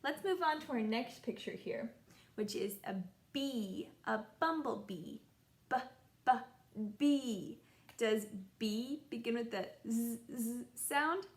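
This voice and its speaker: Young teacher lady sounding out letters for little kids, real slow and sing-songy. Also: a little high. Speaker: kindergarten teacher. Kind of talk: children's phonics lesson.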